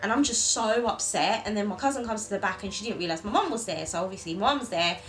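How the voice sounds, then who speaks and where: A woman's voice: medium pitch, fast talker, slight background noise, low-quality recording. A young woman, chatting to camera and telling a personal story, acting out what others said. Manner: chatty, animated quoting of others. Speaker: vlogger. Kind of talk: casual storytelling chat to camera.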